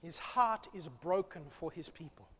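A man preaching a sermon, swinging between loud, fervent calls and hushed, low asides. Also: animated, unhurried, breathy edge. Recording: long hall reverb.

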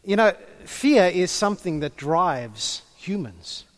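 A man's voice: sits high, slow. A man preaching a sermon, telling stories and chatting with the congregation. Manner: storytelling, animated, chatty with the congregation. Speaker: pastor.

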